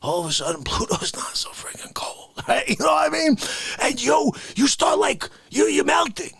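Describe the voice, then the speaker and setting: A man playing an indignant old-school Bronx man, ranting in a comedy bit, swinging from shouts to whispers. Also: very high-pitched, big pitch swings, moderate pace, vocal fry, no room sound, pitched above the performer's own voice, exaggerated voice. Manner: ranting, exasperated, jumps from shouts to hushed whispers.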